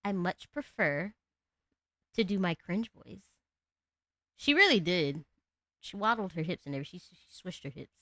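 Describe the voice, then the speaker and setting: Giggly low-voiced woman streamer, lively. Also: normal speed, pauses often, no room sound. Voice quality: low alto voice. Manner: chatty, giggly, talks to chat and her cat. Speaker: live streamer. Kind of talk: casual live-stream chat.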